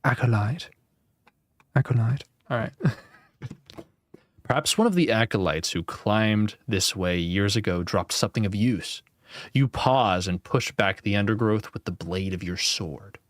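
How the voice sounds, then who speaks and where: Young male gamebook reader: low voice, dry close sound, casual and wry. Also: lively intonation, moderate pace, no echo. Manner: casual, wry, swears and laughs at his own slips. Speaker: gamebook player and channel host. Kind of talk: reading a gamebook aloud with casual commentary.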